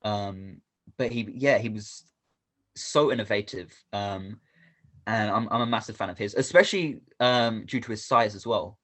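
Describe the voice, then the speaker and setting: A man who wrestles professionally answering interview questions, soft-spoken and hesitant with many pauses and ums. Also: lowish voice.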